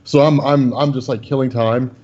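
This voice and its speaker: A man, a podcast co-host, telling a story in animated casual chat. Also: mid-range voice, normal speed, muffled recording.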